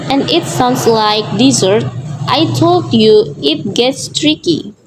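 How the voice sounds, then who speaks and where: A woman's voice: a little high, rough recording. A woman presenting a scripted pronunciation lesson, reading the rules and examples carefully. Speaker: student presenter. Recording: steady background ambience noise.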